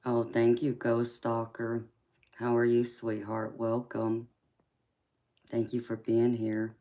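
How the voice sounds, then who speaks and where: A woman with a very deep voice hosts a tarot livestream and talks in a slow, unhurried drawl. She reads out viewer comments and answers them gently, calling everyone sweetheart and honey. Her delivery stays flat and even. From mixed Japanese, Polynesian, English, Irish and Scandinavian heritage. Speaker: tarot reader hosting a livestream. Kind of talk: casual livestream chat reading out viewer comments.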